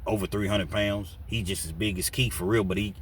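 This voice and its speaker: Low-voiced man telling a story. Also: a little fast, a little hiss or hum. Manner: animated, slangy, acts out quotes. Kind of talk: casual storytelling.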